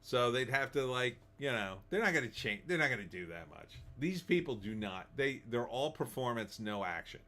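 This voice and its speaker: A man's voice: mid-range voice, big pitch swings, normal speed, few pauses, bright, forceful tone. A middle-aged man hosting a live stream, reading chat messages and mocking them in sarcastic, laughing commentary. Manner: sarcastic, laughs often, mocking put-on voices. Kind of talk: casual commentary.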